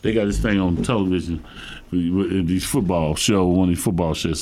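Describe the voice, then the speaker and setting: A middle-aged man with a gravelly voice preaching a sermon, fervent and emphatic, calling out to his listeners. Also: low-pitched, steady tone, moderate pace, a little mellow. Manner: fervent, emphatic preaching with call-outs to the congregation. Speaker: pastor.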